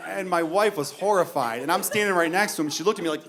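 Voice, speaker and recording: This thirties-aged comedian talks fast in a high-pitched voice, barely pausing, while the laughing crowd adds background noise. His stand-up bit is animated storytelling about his children, full of swearing and acted-out lines of dialogue.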